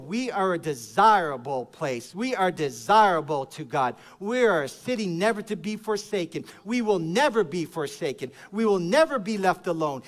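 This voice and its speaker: A man preaching with a high, bright-pitched voice that climbs into shouted praise, then drops into soft, confiding storytelling. He breaks into joking asides along the way, in sermon style. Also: animated, moderate pace. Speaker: pastor.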